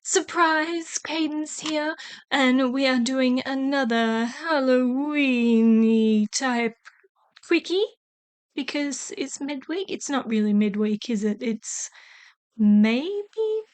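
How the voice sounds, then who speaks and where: A woman's voice: high-pitched, clear, resonant tone. A woman with an Australian accent, chatting casually and joking as she shows a nail tutorial, with frequent swearing. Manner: chatty, swears freely, jokey. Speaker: nail artist vlogger.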